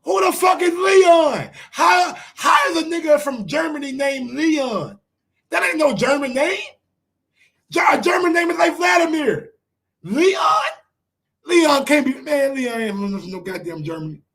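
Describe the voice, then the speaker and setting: A man's voice: extremely high pitch, normal speed, vocal fry, raised voice. A man with a New York accent hosting a casual live-stream sports show, ranting and firing rhetorical questions at his viewers. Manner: animated, ranting, asks the chat rhetorical questions.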